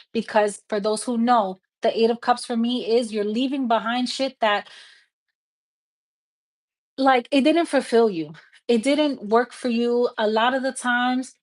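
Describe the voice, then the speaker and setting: A woman giving a live tarot reading, talking to viewers in a casual, frank and encouraging way and swearing freely. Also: on the high side. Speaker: tarot reader.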